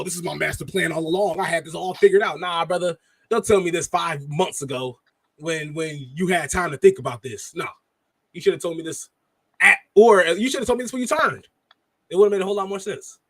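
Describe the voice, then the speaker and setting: Casting note: male podcast co-host, high voice, dry close sound, animated casual chat. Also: no echo. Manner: animated, quick laughs and self-interruptions. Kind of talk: casual wrestling reaction chat.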